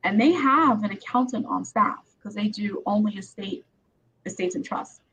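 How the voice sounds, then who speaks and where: A woman's voice: medium pitch, moderate pace, a bit bright, breathy edge. A woman attorney hosting a podcast interview, talking in a chatty, conversational way. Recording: slightly dull sound with faint background noise.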